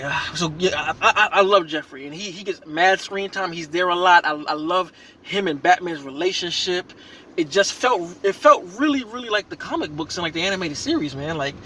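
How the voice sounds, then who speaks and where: A man giving an excited, rambling reaction review of a movie he just saw, full of slang and restarts. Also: high voice, slight background noise.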